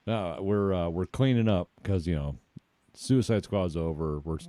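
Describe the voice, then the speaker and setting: Man, very low voice, laid-back podcast storyteller, casual swearing, dry close sound. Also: a little slow, dark tone, no room sound. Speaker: podcast co-host. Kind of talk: casual chat.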